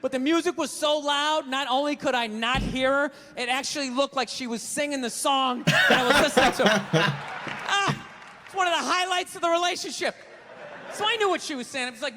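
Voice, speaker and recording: A man's voice: extremely high pitch, fairly quick, background noise. A man performing a stand-up comedy routine, telling a story with exasperated, mock-quoted rants.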